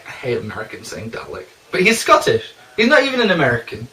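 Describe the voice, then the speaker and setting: A man's voice: on the high side, huge pitch swings, a little fast, pushed and bright, echoey room, distant mic. A man fooling around in costume for joke outtakes, goofy and repeating phrases in mock voices.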